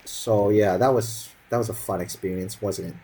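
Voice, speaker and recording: A man's voice: lowish voice, fairly even intonation, normal speed, warm tone, low-quality recording. A young man in his teens telling a school story as a casual, profane, sarcastic rant full of fillers.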